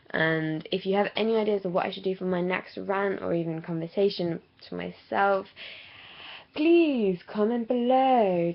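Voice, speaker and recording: Rambling English woman with a gravelly voice. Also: lowish voice, highs cut off. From England. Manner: chatty, rambling, self-mocking, laughs often. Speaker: vlogger. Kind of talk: casual ranting monologue to camera.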